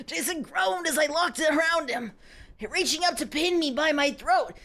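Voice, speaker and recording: A woman's voice: high-pitched, expressive, normal speed, a bit bright. A young woman streaming live, reading a romance novel aloud to her chat with giggly, chatty asides.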